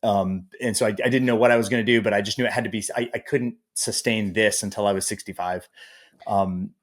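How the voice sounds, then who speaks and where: A man in his thirties, a podcast guest telling his story with lively, acted-out asides. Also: fairly low pitch, brisk. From Boise, Idaho area. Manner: animated storyteller, acts out his own past thoughts. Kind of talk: podcast interview.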